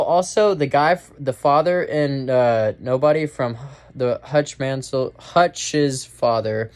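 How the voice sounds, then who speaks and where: A man's voice: mid-range voice, darkish tone, clean tone. A young man giving a casual, rambling movie review, full of fillers and restarts. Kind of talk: casual spoken film review.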